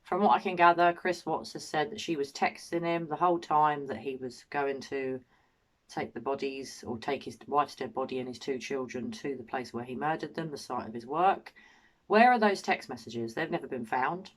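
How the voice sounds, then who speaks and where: A woman's voice: rumbling low, moderate pace. An English woman giving opinionated true crime commentary, indignant and full of rhetorical questions. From England. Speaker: true crime channel host.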